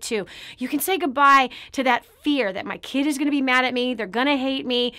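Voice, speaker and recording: With a high, somewhat bright voice, a middle-aged woman delivers an earnest motivational talk about parenting. She addresses the viewer directly to camera, calling them friend.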